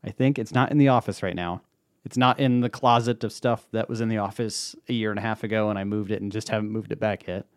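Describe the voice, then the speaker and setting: Low-voiced man in relaxed podcast chat. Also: quick pace, no echo, studio quality. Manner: rambling, self-correcting storyteller. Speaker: podcast co-host. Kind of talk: casual chat over wine.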